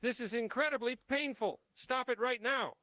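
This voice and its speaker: Frog figure begging for his life as a man reads him, high voice, dry close sound, pleading. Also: normal speed, sharp tone, no room sound. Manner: pleading, sobbing dramatic delivery. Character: terrified male frog begging for mercy.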